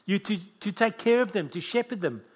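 A man's voice: high voice, animated, a little fast, slightly rough. A man preaching a sermon with fervent, emotional delivery.

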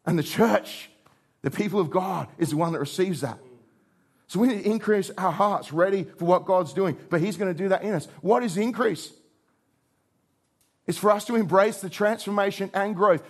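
A man preaching a sermon as pastor, moving between raised, emphatic lines and low, quiet ones.

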